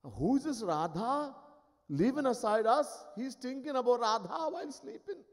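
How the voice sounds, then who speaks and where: A man's voice: very high voice, animated, moderate pace, pitched above the performer's own voice. A man voicing a group of jealous, frantic queens who speak plaintively. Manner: plaintive, fretful. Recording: live talk, long hall reverb.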